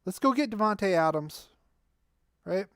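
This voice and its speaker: A man's voice: sits high, expressive, a little slow, fairly bright tone, clean tone, dry recording, studio quality. A man hosting a fan livestream, answering chat commenters in a heated, argumentative way. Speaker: fan channel livestream host.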